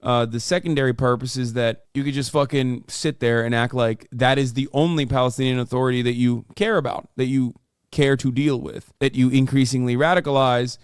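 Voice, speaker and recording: A man hosting a stream, reacting to a clip with casual, profane, mocking commentary and bursts of loud laughter. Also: mid-range voice, fairly even intonation, brisk, clean tone, no room sound, studio quality. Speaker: streamer host.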